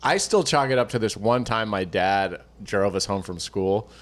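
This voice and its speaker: A man's voice: fairly low pitch, animated, moderate pace. A man co-hosting a podcast, rambling and swearing casually while he tells stories and acts out quotes in other voices. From Northern California. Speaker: podcast co-host. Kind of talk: casual chat, storytelling.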